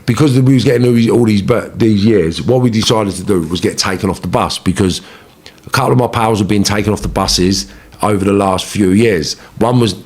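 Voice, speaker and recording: A man with a London accent telling his life story in an interview, blunt and slangy, with plenty of swearing, getting animated as he relives arguments. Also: fairly low pitch, husky. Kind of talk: casual storytelling.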